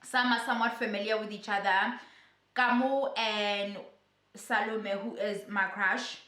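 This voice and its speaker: A young woman, chatting through a casual gossip vlog in a sassy, animated way. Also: medium pitch, unhurried, roomy sound. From South Africa. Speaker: YouTuber.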